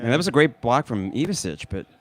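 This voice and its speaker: A man's voice: medium pitch, sing-song, fast, crowd noise. A man hosting a fan podcast, calling a basketball game in a loose, casual way. His voice swoops up and down, and he groans and laughs as the hot sauce gets to him. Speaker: podcast host. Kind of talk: casual live game commentary.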